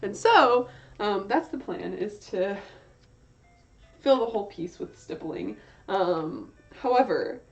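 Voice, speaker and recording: A young woman chats casually as she draws on her livestream, rambling with many fillers and correcting herself as she goes. She speaks slowly at medium pitch with big swings in pitch, and faint music plays behind her. The stream audio is slightly dull and lo-fi.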